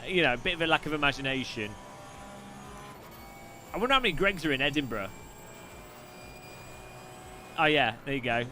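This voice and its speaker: A man's voice: a little high, lively intonation, pushed and bright, soft background music. A man hosting a live stream, chatting casually and joking while commenting on a race. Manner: chatty, jokey, quick asides and laughs.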